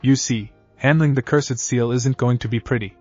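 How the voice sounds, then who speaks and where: A man's voice: mid-range voice, steady tone, normal speed, darkish tone, highs cut off, soft background music, close to an everyday voice. A man reading the lines of a brooding, bitter boy ninja in a plain read-aloud manner. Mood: weary.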